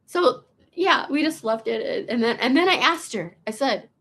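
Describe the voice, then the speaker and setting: A woman in her fifties with a gravelly, rough-edged voice that sits high in pitch. She tells a personal story in a casual, confessional way, swearing freely, stumbling and restarting sentences as she goes. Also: expressive, normal speed, a bit bright. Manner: rambling, profane storytelling full of restarts. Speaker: vlogger.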